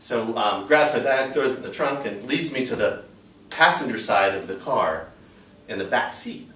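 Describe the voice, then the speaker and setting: A man's voice: mid-range voice, expressive, moderate pace, a bit bright, slight background noise. An American man in his thirties tells a personal story to a live audience in a loose, chatty way, full of fillers. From United States. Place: live storytelling show venue. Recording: roomy live venue, distant mic.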